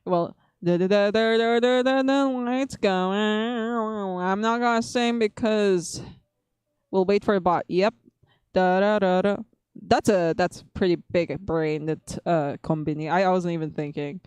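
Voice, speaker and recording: A woman streamer chats through a casual storytime from home, rambling and giggling often. Her voice is smooth and clear, heard close and dry with no room echo. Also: medium pitch, steady tone, a little slow, darkish tone.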